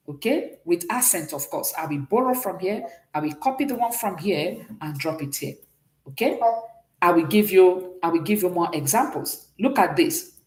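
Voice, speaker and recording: A woman's voice: mid-range voice, a little mellow, roomy sound. A woman teaching a beginners' French class, patiently explaining and often checking in with "okay?". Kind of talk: online class lesson.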